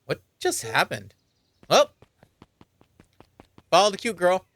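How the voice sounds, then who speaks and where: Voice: medium pitch, huge pitch swings, takes it slowly, fairly bright tone, no room sound. Streamer chatting through a game. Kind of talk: casual let's-play commentary.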